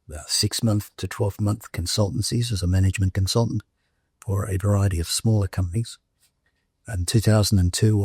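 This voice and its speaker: An older man with an Australian accent tells his career story step by step in a plain, matter-of-fact way. His voice sits a little low and has a husky edge. The recording is close and dry. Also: darkish tone, no echo. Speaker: veteran interviewee. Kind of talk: documentary interview, recounting a career.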